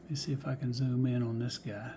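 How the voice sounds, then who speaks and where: A man's voice: mid-range voice, flat delivery, quick pace, noisy background. A man showing off die-cast cars in a casual vlog, folksy and musing aloud, often dropping to a whisper. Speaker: die-cast car collector showing finds. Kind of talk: casual show-and-tell vlog.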